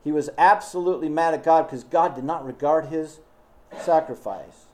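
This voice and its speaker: A man's voice: a little high, normal speed, a little hiss or hum. A man preaching a sermon in an emphatic, scolding way, full of rhetorical questions.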